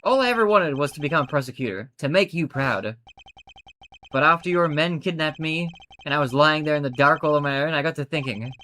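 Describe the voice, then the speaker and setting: Earnest young male prosecutor, read by a man. Steady, sincere. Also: fairly high pitch, a little fast, a little hiss or hum.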